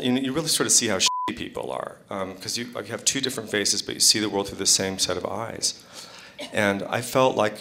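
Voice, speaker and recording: A man's voice: lowish voice, vocal fry, sharp tone. A man candidly telling a rambling personal story on stage at a live storytelling event, with many fillers and restarts.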